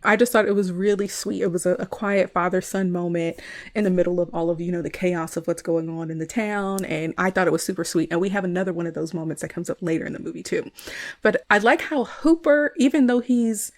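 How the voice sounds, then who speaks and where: A woman hosting a podcast talks casually about a movie, saying "like" a lot and laughing often. Her voice is lowish and she speaks fairly quickly.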